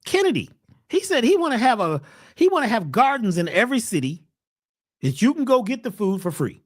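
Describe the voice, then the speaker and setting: A woman, a host and wellness speaker, talks a little fast through a preachy monologue that's slangy and emphatic, driven by rhetorical questions and lively shifts in pitch and voice. The recording is dry, with clean studio sound.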